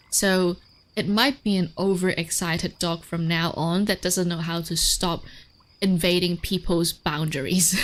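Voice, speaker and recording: A woman streamer giving casual advice on dogs, chatty, with lots of fillers, swearing and frequent laughter. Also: fairly low pitch. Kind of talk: casual livestream chat.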